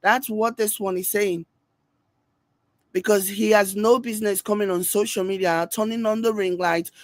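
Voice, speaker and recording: A woman's voice: mid-range voice, no echo. Emphatic Nigerian woman giving her reactions. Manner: emphatic and scolding, with pidgin asides. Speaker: reaction video host. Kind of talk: opinionated reaction commentary.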